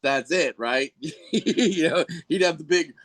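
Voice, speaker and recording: A man's voice: on the high side, slow pace, a bit bright. A middle-aged man chatting casually as a podcast guest, rambling through stories with frequent laughs. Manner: rambling, laughs often, mimics people in quotes. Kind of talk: casual chat.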